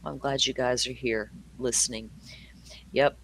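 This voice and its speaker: A man's voice: mid-range voice, fairly even intonation, measured pace, creaky, a bit bright. An older man with a Southern US accent, hosting a true crime livestream and chatting casually with viewers, laughing often and greeting them by name. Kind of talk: casual chat with live viewers.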